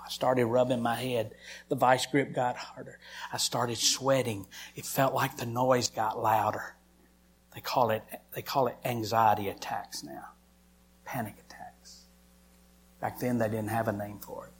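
A man preaches a personal testimony in a middle-range voice. He moves from hushed, whispered lines to loud, pressing ones. A faint hum runs in the background. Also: medium pitch, fairly even intonation, measured pace, pauses often. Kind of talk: emotional sermon testimony.

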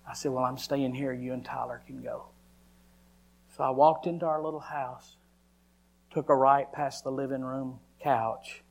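A man tells his story from the pulpit in a testimony sermon. His voice sits at an ordinary middle pitch, and he delivers it as dramatic storytelling that now and then sinks to a hush. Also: fairly even intonation, a little slow, vocal fry. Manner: dramatic storytelling, acting out his own cries. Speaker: preacher.

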